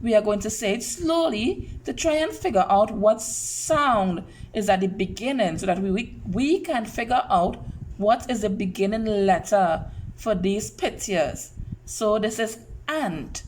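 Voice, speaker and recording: A woman teaching young children their letter sounds, in an unhurried voice pitched a little high. She sounds out each letter clearly and keeps praising the class. A faint hiss sits under the recording. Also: lively intonation, rough recording. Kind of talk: phonics lesson for young children.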